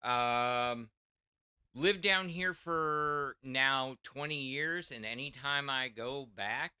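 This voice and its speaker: A man from Wisconsin with a mixed Wisconsin and Texas accent, hosting a livestream in casual chat, reading out donations in a halting way with restarts. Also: mid-range voice, pushed and bright, clear, resonant tone, dry recording, clean studio sound. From Wisconsin, US Midwest. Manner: slow, halting, hesitant with many restarts. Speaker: stream host reading donations.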